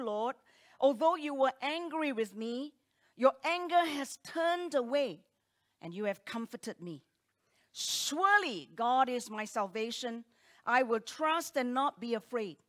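A woman preaching from the pulpit, her voice set a little higher than most. She delivers emphatic declarations and rhetorical questions, then drops to hushed, quiet asides. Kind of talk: sermon.

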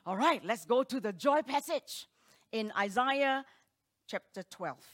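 A woman preaching a sermon, talking emphatically with rhetorical questions and swinging between loud declarations and hushed asides. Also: fairly high pitch, expressive, moderate pace.

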